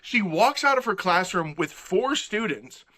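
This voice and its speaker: A man, a podcast guest, riffing in a casual comedic movie review and acting out lines from the film. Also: high-pitched. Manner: animated, mimics characters in quick asides.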